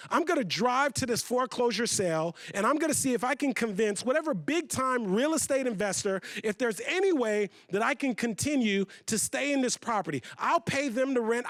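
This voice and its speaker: A man voicing his immigrant mother, speaking in halting phrases with a strong accent, repeating words under stress. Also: fairly high pitch, no room sound, clean studio sound, natural voice.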